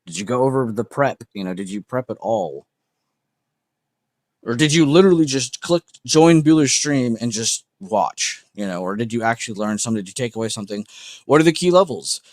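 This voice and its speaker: A man's voice: mid-range voice, expressive, a little fast, darkish tone, dry recording. A man hosting a trading livestream, talking in a blunt, emphatic, unscripted way, swearing often and repeating points.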